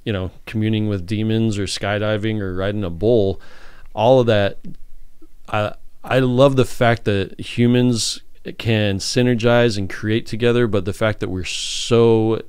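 A man's voice: on the low side, fairly even intonation, unhurried, a little mellow, clear, resonant tone, dry recording, clean studio sound. A man hosting a podcast, talking in a casual, earnest and reflective way. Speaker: podcast host. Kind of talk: casual chat.

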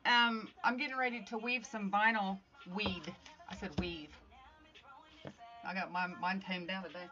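Streaming live on her phone, a craft artist hosts a casual session at home, greeting viewers by name and chatting cheerfully as she works. Her medium-pitched voice keeps a fairly even intonation and a slightly slow pace. The sound is a bit dull, with faint music in the background.

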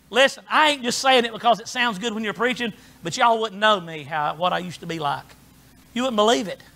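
High, bright-voiced preacher man. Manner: folksy, swings from soft asides to shouted preaching. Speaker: pastor. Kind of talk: sermon.

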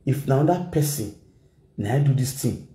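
A man with a Nigerian Pidgin English accent giving animated gossip commentary, switching languages and mimicking people. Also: medium pitch, unhurried, roomy sound. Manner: animated, mixes Pidgin and Yoruba, shouts and mimics. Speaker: gossip vlogger. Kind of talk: excitable commentary vlog.

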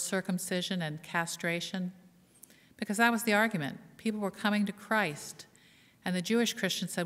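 In a church sanctuary, a woman pastor gives a conversational sermon, putting questions to the congregation and making jokes at her own expense. Her voice sits lowish with a fairly bright tone, and the sound carries the feel of a big room.

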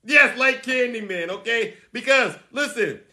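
A man hosting a political commentary show, theatrical, swinging between shouted outbursts and hushed, mock-solemn asides as he addresses his viewers. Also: very high voice, animated, unhurried.

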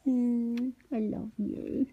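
A woman's voice: on the high side, steady tone, extremely slow, phone-quality sound, noisy background. A woman talking doting baby talk to her pet parrot, with whispery asides. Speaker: pet owner.

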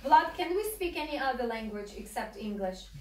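High-voiced Ukrainian woman teaching. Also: animated, fairly quick, a little mellow, a little hiss or hum. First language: Russian. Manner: many fillers, repeated "okay?" checks. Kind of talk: classroom instruction. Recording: echoey room, mic far off.

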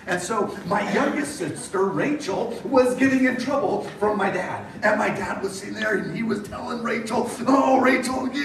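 A man's voice: high-pitched, noisy background. A middle-aged man preaching a sermon, telling stories and acting out the voices of the people in them. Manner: storytelling with animated quoted voices. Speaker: pastor. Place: church hall. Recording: echoey hall from far off.

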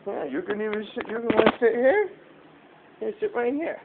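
A man's voice: very high-pitched, expressive, brisk, gravelly. A father talking to his toddler at home in a playful, coaxing way during a home video. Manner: coaxing, playful baby talk. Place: family home, indoors. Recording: tinny phone-like audio, noisy.

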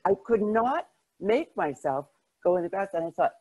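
An older woman with a husky, breathy voice tells stories from her working life. She talks in a lively way, often restarting her sentences and laughing at herself. Her pitch sits in the middle of the range. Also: moderate pace, rough recording. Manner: lively anecdotes, frequent restarts and self-deprecating laughs. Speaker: guest, journalist. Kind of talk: storytelling interview answers.

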